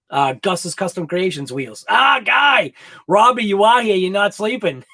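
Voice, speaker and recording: High-voiced, excitable hobby show host. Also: male voice. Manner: excited, rambling and laughing often. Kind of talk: casual live-stream chat with viewers. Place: home garage workshop.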